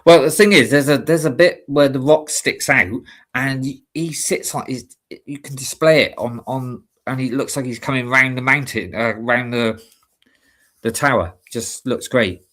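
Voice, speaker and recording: A man's voice: mid-range voice, normal speed, a bit bright. A man from Britain co-hosting a livestream, chatting casually and rambling with lots of fillers. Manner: rambling, hesitant with many fillers. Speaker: livestream co-host. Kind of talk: casual chat.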